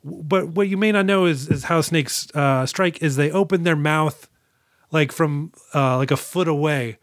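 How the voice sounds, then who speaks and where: A rambling man with a somewhat high voice, co-hosting a casual movie podcast. He retells scenes loosely and curses freely. The sound is close and dry, with no room around it. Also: no room sound. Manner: rambling, profane, retells scenes with quick put-on quotes. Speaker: podcast co-host. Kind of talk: casual movie recap chat.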